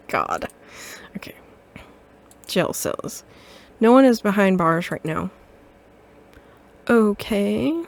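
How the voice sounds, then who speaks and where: Slow, laid-back woman streamer. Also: mid-range voice, animated, creaky. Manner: laid-back, reads game dialogue aloud with giggles. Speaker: VTuber streamer. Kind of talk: casual game let's play.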